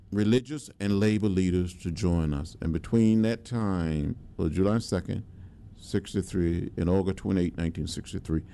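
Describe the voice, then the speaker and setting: An older man, telling his history slowly and with emphasis, pausing on his words. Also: sits low, gravelly, mellow, slight background noise. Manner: measured storytelling with emphatic pauses and fillers. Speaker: interviewee, civil rights veteran. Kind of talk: reflective oral history interview.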